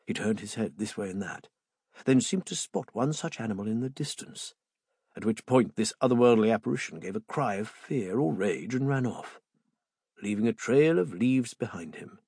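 A man reading a first-person story as an audiobook narrator, in a measured way. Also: on the low side, expressive, darkish tone, breathy edge, no echo, clean studio sound.

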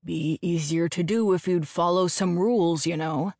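A woman's voice: lowish voice, normal speed, a little mellow, no room sound, studio quality. A woman voicing a worried, overbearing middle-aged father who fusses and lays down the rules. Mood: stern. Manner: fussing and stern.

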